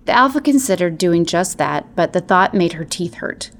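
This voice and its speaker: A woman narrating a storybook tale in a measured, soft-spoken way. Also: on the low side, animated.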